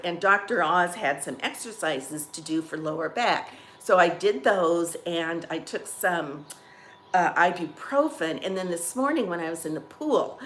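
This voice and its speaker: Woman vlogger rambling over coffee, kinda low voice, faint room hum behind. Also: fairly bright tone. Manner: rambling, chatty, restarts and trails off. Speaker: vlog host. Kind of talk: casual coffee chat to camera.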